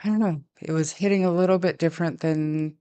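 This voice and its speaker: A woman's voice: on the low side, steady tone, fairly quick, dark tone, clear, resonant tone. A woman co-hosting a casual livestream, friendly as she thanks viewers and moderators. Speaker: livestream co-host.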